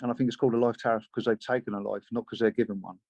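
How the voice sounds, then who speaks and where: A man talking as a guest in an interview, telling his story in a measured, sober way. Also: on the low side, steady tone, a little mellow, no echo. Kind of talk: interview conversation. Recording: dull lo-fi sound.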